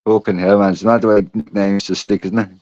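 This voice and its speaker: A man's voice: lowish voice, little pitch movement, quick pace, a little mellow, no room sound. A man hosting a podcast, chatting casually, swearing and telling rambling stories. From Ireland. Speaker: podcast host. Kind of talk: casual chat. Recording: dull, dry sound.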